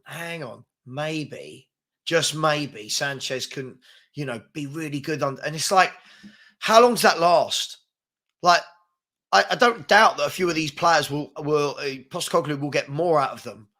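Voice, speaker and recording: Hosting a casual live-stream chat, a man with a fairly high, pushed and bright voice rambles in frustration. As he talks he reads out comments from viewers.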